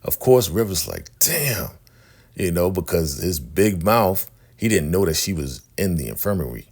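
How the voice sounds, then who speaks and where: A man casually recapping a TV episode, excitable and acting out the characters' lines as he retells each scene. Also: sits low, moderate pace. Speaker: recap host.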